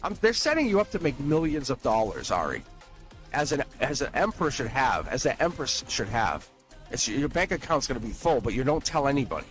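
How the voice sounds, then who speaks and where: A man giving a live-stream tarot reading, excitable and blunt, swearing and laughing as he talks to viewers. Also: medium pitch, a little fast, soft background music. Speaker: tarot reader.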